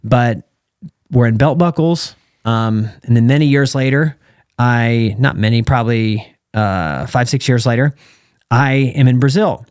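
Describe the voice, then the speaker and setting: Animated American man telling stories. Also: mid-range voice, unhurried, clear, resonant tone, no echo, clean studio sound. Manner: animated storyteller who acts out quoted dialogue. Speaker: guest, retired champion calf roper and entrepreneur. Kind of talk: casual storytelling interview.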